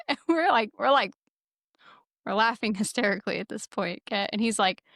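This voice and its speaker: A woman podcast host telling a casual story with lots of swearing, lively and laughing as she goes. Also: medium pitch, moderate pace, vocal fry, dry recording, studio quality. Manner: profane, lively, laughs while telling stories. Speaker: former military security forces sergeant.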